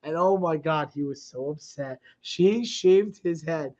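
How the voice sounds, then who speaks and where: Middle-aged guy rambling through stories, high voice, kinda dull lo-fi sound. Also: a little slow. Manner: excitable, rambling, laughs mid-story. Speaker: podcast co-host. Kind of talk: casual chat, storytelling.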